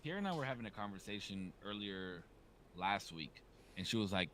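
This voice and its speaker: Man, thirties, podcast host, casual chat, animated storyteller, lively pitch. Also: a little fast, slight background noise. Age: 30s. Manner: animated storyteller, acts out quoted dialogue.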